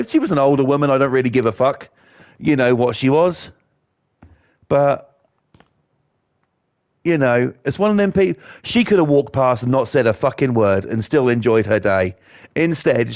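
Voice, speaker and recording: A man's voice: medium pitch, creaky, a little mellow, no echo. Man, forties, profane rambling rant, gameplay commentary, dry close sound. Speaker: gaming YouTuber. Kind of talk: ranting commentary while playing a game.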